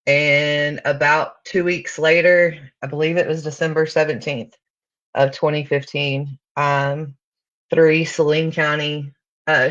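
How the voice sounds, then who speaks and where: A woman's voice: sits low, fairly bright tone, lo-fi sound. A woman giving a candid recovery testimony, blunt and full of fillers. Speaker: recovery speaker.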